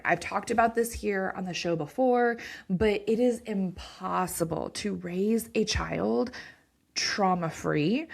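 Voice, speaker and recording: A woman in her thirties, a psychologist hosting her own show, talking casually and explaining ideas with an animated, conversational manner. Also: medium pitch, vocal fry. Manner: conversational, animated, frequent "like" and "right?". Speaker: psychologist podcast host. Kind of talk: casual educational monologue.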